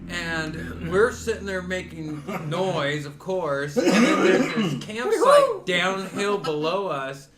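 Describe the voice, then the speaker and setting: A man co-hosting a casual podcast, telling stories in a relaxed, rambling way. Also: high-pitched, takes it slowly, few pauses, roomy sound, a loud crowd. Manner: rambling, relaxed storyteller with fillers. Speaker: podcast co-host. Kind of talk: casual chat among friends.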